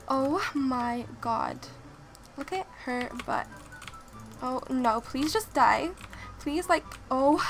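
Very high-voiced, excitable young woman gamer. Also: extremely slow, creaky, pauses often, music in the background. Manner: excitable, squeals and laughs, repeats phrases. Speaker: gaming channel host. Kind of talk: excited gameplay commentary.

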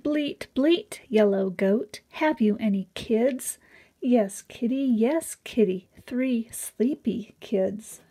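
A woman's voice: on the high side, slow pace, warm tone, slight background noise. A woman reading a children's picture book aloud in a sing-song way, lifting her voice on each animal sound.

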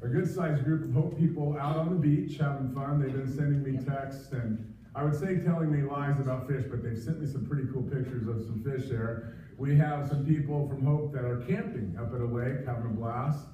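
A man preaching a conversational sermon as pastor, pausing often with fillers, recorded in a church sanctuary. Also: medium pitch, steady tone, dark tone, a little hiss or hum. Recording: echoey, distant, dull livestream sound.

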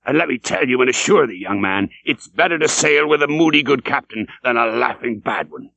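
A man's voice: medium pitch, expressive, fairly quick, creaky, sharp tone, dry recording, full character voice. A man doing a stern old sea captain. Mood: stern earnest. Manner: stern, archaic seafaring speech. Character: gruff older male sea captain, earnest warning. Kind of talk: audiobook character reading. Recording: dull dry recording.

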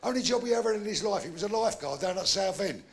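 An older man telling bawdy jokes in live stand-up, with gravelly punchy delivery and shouted punchlines. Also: sits high, animated, rapid-fire, background noise. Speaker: stand-up comedian. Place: live comedy venue with audience.

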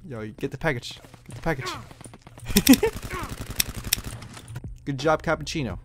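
A young man giving casual commentary over his own shooter gameplay, chatty and yelling at big plays. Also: medium pitch, fast, noisy background. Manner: excitable, yells at big plays. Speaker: gaming YouTuber. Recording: loud game music and gunfire behind.

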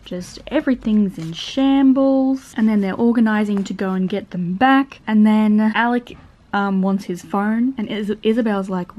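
A young woman with an Australian accent chatting casually in a book vlog, animated and laughing often. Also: medium pitch, a little slow, lo-fi sound. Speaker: book vlogger. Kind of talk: casual reading vlog chat.

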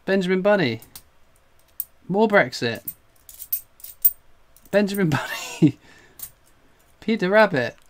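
This English coin collecting streamer has a voice that sits high, and he takes it slowly with long pauses. Still, his live commentary is excited and breathless, full of exclamations and laughs.

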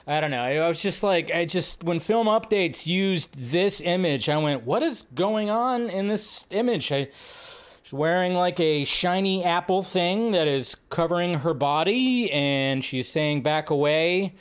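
A man hosting a casual livestream, chatting and rambling about film news, now and then shouting out quoted lines. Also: on the high side, measured pace, smooth. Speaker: livestream host.

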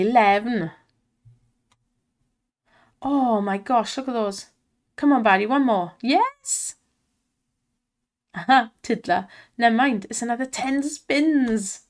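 An excitable woman commenting on slot spins and cheering the reels on, her voice strained from shouting. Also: a little high. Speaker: slot streamer.

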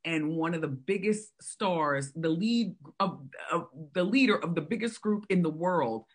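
A man's voice: fairly high pitch, expressive, a little slow. A man telling a gossipy story in an interview clip, in a conspiratorial manner.

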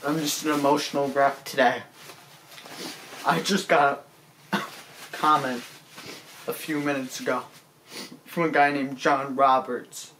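A man delivering a mock-serious apology monologue as a comedy vlogger. He stammers and sounds tearful and self-pitying, and his pleading breaks into sudden high, squeaky cracks. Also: flat delivery, unhurried, pauses often, fairly bright tone, a little hiss or hum.

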